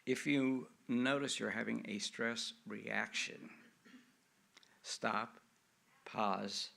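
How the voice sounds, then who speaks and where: A man, a minister, speaking gently and steadily in short phrases during a Sunday prayer and sermon in a church sanctuary. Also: mid-range voice, fairly even intonation, vocal fry. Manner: slow, gentle, measured delivery with short phrases.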